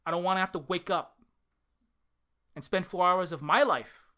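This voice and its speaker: Speaking directly to camera, this Hawaiian man, an indie game developer, unleashes a furious, foul-mouthed tirade that loops back on itself and veers between yelling and weariness. He has a high voice and keeps a moderate pace.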